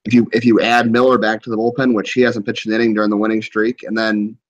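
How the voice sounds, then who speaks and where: A man co-hosting a podcast in casual sports chat, measured and analytical with dry reactions. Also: fairly low pitch, little pitch movement. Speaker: podcast co-host. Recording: dull lo-fi line.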